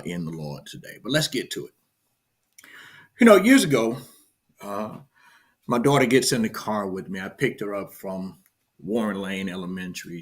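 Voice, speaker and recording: A middle-aged pastor delivers a casual morning sermon on a livestream, greeting viewers by name. His deep voice has a breathy edge, and he swings from loud shout-outs to hushed storytelling.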